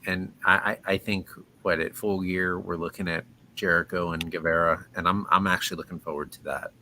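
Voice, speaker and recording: Very deep, sharp-toned hesitant man. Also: level tone, brisk, slight background noise, rough recording. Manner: hesitant, restarts often. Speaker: co-host. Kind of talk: casual chat.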